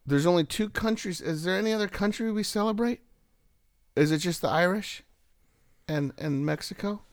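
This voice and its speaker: A man's voice: high-pitched, normal speed, no room sound. Playful rambling man, dry sound. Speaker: podcast co-host. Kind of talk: casual chat.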